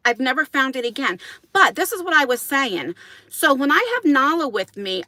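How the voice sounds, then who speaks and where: Woman livestreamer, high voice, casual rambling chat with viewers, dry close sound. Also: pushed and bright, no room sound. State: out of breath. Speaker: vlogger hosting a livestream. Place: outdoors in wind, then inside a parked car. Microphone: phone on a selfie stick.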